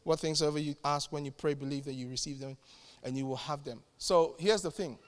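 A man pastor preaching a sermon in a church, fervent, with sudden loud peaks and quiet asides. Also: fairly high pitch, a little fast, long reverb tail.

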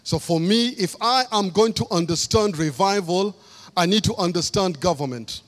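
A man's voice: high-pitched, normal speed. Man from Kenya preaching in a reverberant hall. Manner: emphatic, repeats key phrases for stress. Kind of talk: sermon.

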